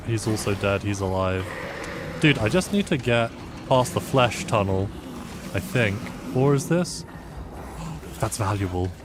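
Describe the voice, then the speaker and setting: A man's voice: lowish voice, noisy background. A man from the UK casually commentating a game as a live streamer, reacting with sudden exclamations and chatting with viewers. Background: game music.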